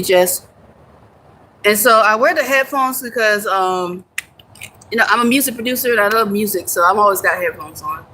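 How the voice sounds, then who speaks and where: Streamer and music producer, casual talk to chat, bright edgy tone, mid pitch. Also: slight background noise. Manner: loose, chatty explaining with frequent "you know".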